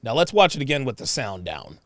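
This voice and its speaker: A man's voice: mid-range voice, brisk, no room sound. A man in his forties hosting, giving profane, mocking reaction commentary on video clips and repeating his points. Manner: mocking, animated, repeats himself.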